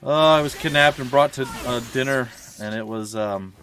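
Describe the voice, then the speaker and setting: A man's voice: medium pitch, moderate pace, a bit bright, slight background noise. A man rambling casually and jokingly over his gameplay as a streamer, wandering off into side stories. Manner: chatty, self-mocking, meandering asides. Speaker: let's play streamer. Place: at home.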